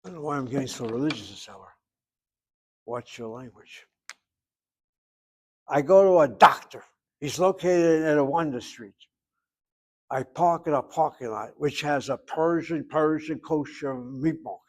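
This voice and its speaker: A man's voice: a little high, moderate pace, darkish tone. A man teaching a Hebrew grammar class, explaining at length with wry asides and calling on students by name. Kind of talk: online class lecture.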